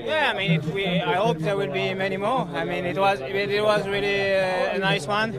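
A man's voice: high-pitched, brisk, a loud crowd. A man giving a hesitant interview outdoors at a race finish. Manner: hesitant, flat delivery. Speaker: interviewed athlete.

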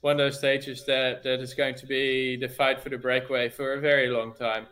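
A man's voice: mid-range voice, level tone, normal speed, sharp tone. A man whose first language is Dutch, a former pro cyclist, talking casually on a podcast with many restarts and fillers. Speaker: cycling team staff, former pro rider.

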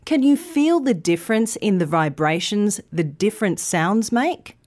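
A woman presenter reading a scripted pronunciation lesson with careful, clear articulation. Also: mid-range voice, expressive, measured pace. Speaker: news presenter teaching pronunciation.

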